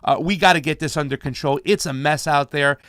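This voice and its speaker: A man's voice: a little high, fairly quick, a bit bright, clean tone, no echo, clean studio sound. A man hosting a casual livestream, upbeat, thanking donors and urging viewers to share. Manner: hyped, reads donor names, calls viewers fam. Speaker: livestream host.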